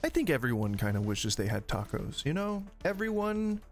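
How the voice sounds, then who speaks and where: Gravelly man rambling over gameplay. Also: a little high, sing-song, moderate pace, soft background music. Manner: rambling, jokey, self-interrupting. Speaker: game streamer. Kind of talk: casual gameplay commentary.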